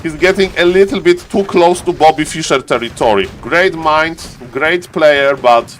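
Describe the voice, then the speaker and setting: Excitable streamer casting a strategy game. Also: male voice, on the high side, normal speed. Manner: excitable, repeats phrases, addresses chat by name. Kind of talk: excited live game commentary and chat.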